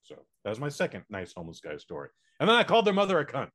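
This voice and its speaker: A man's voice: medium pitch, wildly swooping pitch, very fast, a bit bright. Blunt, swearing male podcast co-host. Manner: blunt, profane anecdotes. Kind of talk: casual chat.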